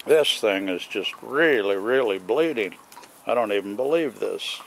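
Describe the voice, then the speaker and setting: A man's voice: on the low side, lively intonation, a little slow, vocal fry, slight background noise. A man filming his puppies, talking to them in a raised, coaxing voice. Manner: talks to the dogs in a raised, coaxing voice. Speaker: dog owner filming puppies. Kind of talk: casual talk to puppies while filming.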